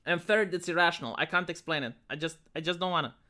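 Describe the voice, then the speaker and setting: A man's voice: on the high side, fast, bright, forceful tone. A young man chatting bluntly with his live-stream chat, swearing often as he answers comments.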